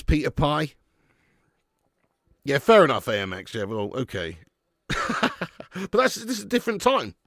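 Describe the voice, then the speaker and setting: A man hosting a live match watch-along, chatting excitedly with viewers and calling them mate and lad. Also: mid-range voice, no echo, studio quality. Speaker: fan channel host doing a live match watch-along. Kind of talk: casual live-stream commentary and chat.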